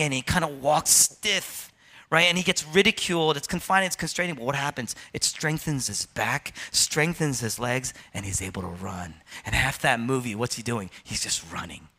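A man's voice: mid-range voice, moderate pace, pushed and bright. A man in his thirties preaching a sermon, firing rhetorical questions and acting out complaints in other voices. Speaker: pastor.

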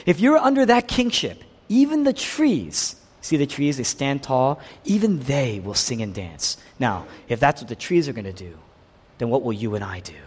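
A man preaching a sermon, animated, swinging between loud emphatic lines and hushed, slow ones. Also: on the high side, breathy edge. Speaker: pastor. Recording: long hall reverb.

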